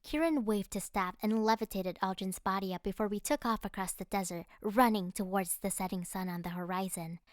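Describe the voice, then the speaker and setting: A woman narrating a first-person fantasy audiobook in an expressive, dramatic way. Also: mid-range voice, fairly quick, hardly any pauses, no echo, studio quality.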